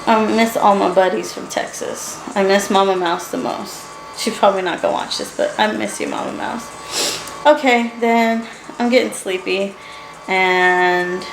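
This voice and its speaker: A sleepy young woman rambles through a late-night vlog, chatty and quick to laugh. Her voice has a gravelly edge. She talks in her living room, which sounds roomy, with a faint hum behind her. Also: mid-range voice. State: sleepy, yawning. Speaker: doll-collecting vlogger. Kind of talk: casual late-night chat to camera. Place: living room at home, indoors.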